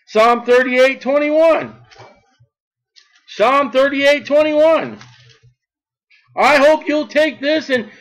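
High-voiced slow preaching man. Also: lively intonation, a bit bright, poor audio. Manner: emphatic, drawing out key words. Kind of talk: sermon.

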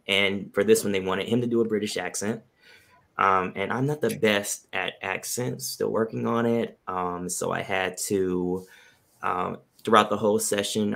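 A man, a voice actor guest, answering a panel question hesitantly and sincerely, with many pauses. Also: low-pitched, gravelly, fairly bright tone.

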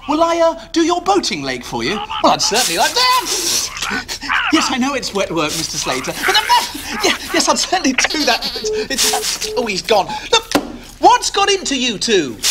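A man's voice: very high-pitched, very noisy. A man on a children's TV show, flustered and laughing, talking in an exaggerated way. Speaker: children's TV presenter.

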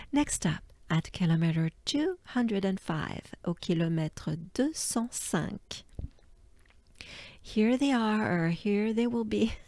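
A woman from France with a French accent, teaching pronunciation by slowly repeating sounds, with soft whispered asides. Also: fairly low pitch, no room sound. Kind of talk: pronunciation lesson.

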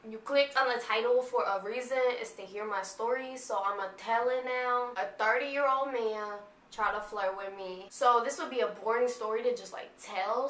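Young woman, from North Carolina, chatty storyteller, high bright voice, echoey room, camera mic. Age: young adult. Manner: chatty, laughs often, fillers like "you know". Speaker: vlogger. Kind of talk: casual storytime vlog.

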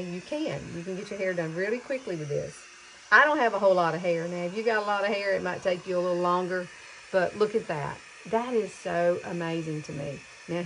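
A woman over fifty chatting excitedly to viewers as she curls her hair, in a casual tutorial. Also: on the low side, slight background noise, poor audio. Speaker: beauty vlogger.

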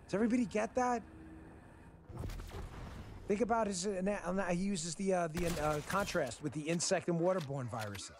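Over gameplay, this Texas host delivers frustrated, emphatic political commentary that tends to circle back on itself. His voice sits high, and he talks fairly quickly with few pauses while background noise runs behind him.

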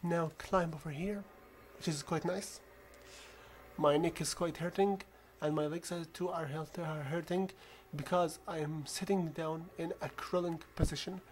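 A gamer with a non-native accent narrating a stealth game in a calm, coaching way, often dropping to a whisper. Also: medium pitch, measured pace. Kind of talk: gameplay commentary.

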